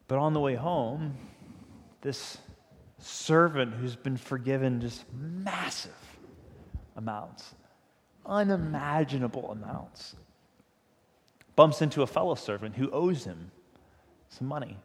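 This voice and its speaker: A man preaches a sermon, retelling a story in a chatty yet emphatic way. His voice sits at an ordinary middle pitch. The sound rings with the long echo of a large church hall. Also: animated, takes it slowly, pauses often, a little hiss or hum. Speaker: pastor.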